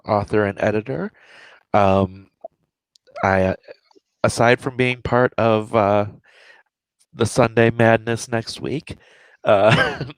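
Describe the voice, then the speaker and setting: A man hosting a casual livestream chat as author and editor, laughing often and filling pauses with "uh". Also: on the low side, dry recording. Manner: laughs often, many fillers.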